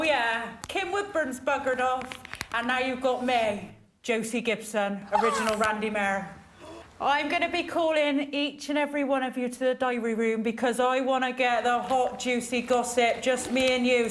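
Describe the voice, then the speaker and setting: A woman's voice: a little high, moderate pace, background noise. A woman cheekily interviewing housemates in a bawdy, bubbly, casual way. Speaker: guest presenter interviewing housemates.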